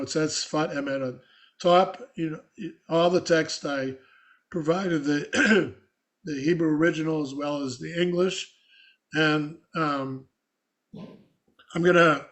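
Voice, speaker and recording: An older man, a rabbi, teaching an adult class over a video call in a halting, scratchy voice full of restarts. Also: fairly high pitch, fairly bright tone. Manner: halting, with many fillers and restarts. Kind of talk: informal online lecture.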